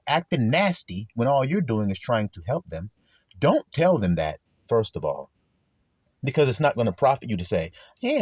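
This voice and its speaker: A man's voice: mid-range voice, a little mellow, breathy edge, no echo. A man preaching a sermon to his flock in a blunt, profane way, acting out quarrels in other people's voices.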